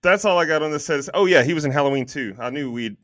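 A man co-hosting a podcast, chatting casually about a movie, animated, swearing freely and filling gaps with ums. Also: on the high side, quick pace, no room sound, studio quality. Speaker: podcast co-host. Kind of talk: casual movie review chat.

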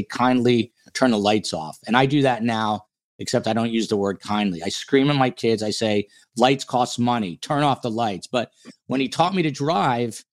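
A man hosting a podcast livestream in a casual, joking, playfully boastful way, with a New Jersey accent. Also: medium pitch. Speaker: podcast host.

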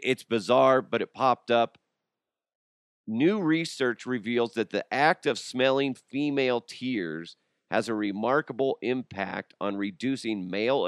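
A man's voice: lowish voice, dry recording, studio quality. A middle-aged man hosting a radio show in a casual comedic chat, rambling and joking with frequent laughs.

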